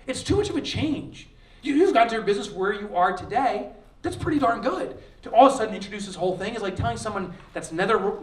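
Animated man giving a keynote in a roomy hall. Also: high-pitched. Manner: animated, acts out quotes with shouts and laughs. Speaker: author giving a conference keynote. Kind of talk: energetic keynote speech with storytelling. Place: large conference hall, live audience. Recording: roomy hall sound, voice a bit distant.

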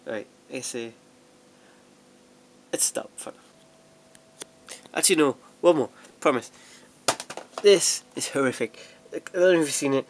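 This young man's mid-range voice is expressive and moves at a normal speed, with a faint hiss or hum in the recording. He's a vlogger sorting DVDs at home, rambling casually, poking fun at himself, laughing often and starting sentences over.

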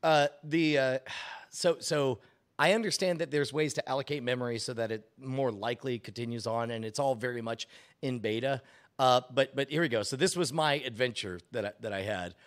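A man co-hosting a casual podcast chat, laughing often and getting animated as he reads aloud. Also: medium pitch, a little fast. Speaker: co-host.

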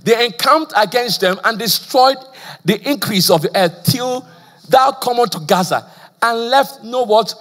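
A man's voice: very high voice, lively intonation, a little slow, fairly bright tone. A male pastor from Nigeria preaching a sermon with call-and-response questions, a slight stammer and frequent "praise the Lord.". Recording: long church hall reverb.

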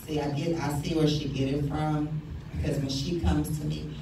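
A woman's voice: low voice, flat delivery, moderate pace, mellow, a little hiss or hum. A woman in her thirties doing a stand-up set, brash and profane, teasing the crowd. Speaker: stand-up comic. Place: comedy club stage. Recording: echoey club room from far off.

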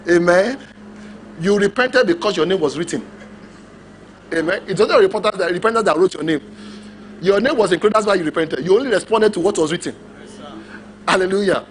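A man preaching with a very high voice that leaps up and down. He presses his points hard and calls for amens from the congregation. A faint hum of room sound sits behind him. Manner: emphatic, animated preaching with call-and-response. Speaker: pastor. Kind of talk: sermon.

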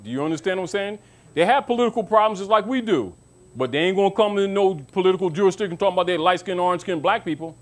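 High-voiced man lecturing, preachy. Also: racing. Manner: preachy, rhetorical questions, mocking asides; calls listeners baby. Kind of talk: informal lecture to an audience.

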